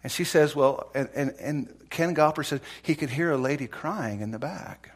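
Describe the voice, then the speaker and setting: A man preaching a sermon, telling a story in a folksy, animated way and acting out the voices of its people. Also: a little high, moderate pace. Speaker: pastor.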